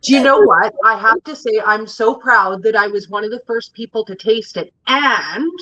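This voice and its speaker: A woman's voice: fairly high pitch, normal speed, bright, forceful tone, no echo, highs cut off. A Canadian woman with a Canadian accent, hosting a casual chat and talking in a gushing, emphatic way. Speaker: host.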